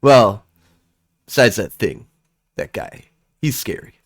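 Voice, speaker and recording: A man's voice: lowish voice, sing-song, slow, dry recording, clean studio sound, full character voice. A man voicing a brash young boy who boasts and protects his little sister. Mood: boastful.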